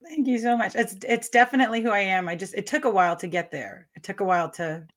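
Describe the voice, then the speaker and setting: Excitable rambling woman, laughing storyteller. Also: mid-range voice, fast talker. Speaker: author and interview guest. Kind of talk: conversational interview.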